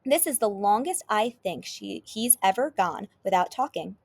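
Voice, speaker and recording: A woman's voice: mid-range voice, expressive, normal speed, vocal fry, darkish tone, slightly rough. Woman voicing playful TV hostess, teasing, upbeat, storybook reading. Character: playful female morning TV host.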